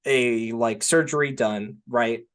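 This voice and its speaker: Speaking slowly at a medium pitch, a young man co-hosting a podcast chats casually about film. It's rambling, filler-heavy talk, full of "like" and "right?"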